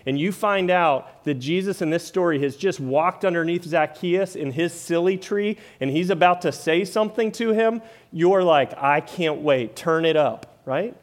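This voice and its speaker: A man's voice: high-pitched, normal speed, hardly any pauses. A man preaching a sermon in a conversational way, often tagging lines with "right?" and "like". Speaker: pastor.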